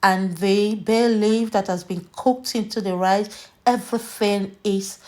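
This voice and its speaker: A woman from Nigeria hosting a cooking vlog, chatty and unhurried, walking viewers through her dish. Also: medium pitch, fairly even intonation, a little mellow. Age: adult, mother. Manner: slow, chatty, tastes food on camera and laughs. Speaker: cooking channel host. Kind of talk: casual cooking vlog narration.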